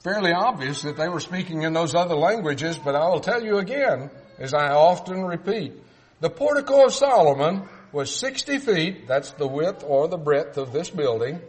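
A man's voice: a little high, a bit bright. An older man from South Texas preaching a sermon, folksy and emphatic, mixing Bible argument with family stories.

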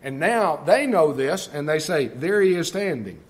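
Older Texan preacher, higher-pitched. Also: male voice, animated. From Texas. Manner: conversational storytelling preaching, slowing for emphasis. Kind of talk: sermon.

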